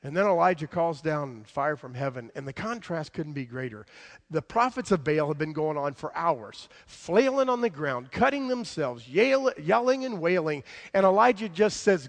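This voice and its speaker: Animated male preacher telling a story. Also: a little high, normal speed. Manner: animated storytelling, swinging from loud emphasis to soft asides. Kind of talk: sermon.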